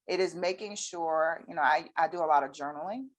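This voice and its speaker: A woman's voice: low-pitched, brisk. A woman, chatting casually as a guest and acting out conversations as she tells them. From North Carolina, USA. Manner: animated storyteller, acts out both sides of conversations. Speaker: guest, accounting firm owner. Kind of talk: casual chat.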